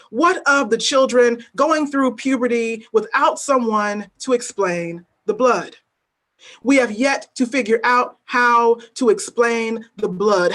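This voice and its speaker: A woman's voice: on the high side, fairly bright tone. Woman reading spoken-word poetry. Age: adult working as a teacher. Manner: measured, weighty delivery with pointed repetition. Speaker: poet at an open mic.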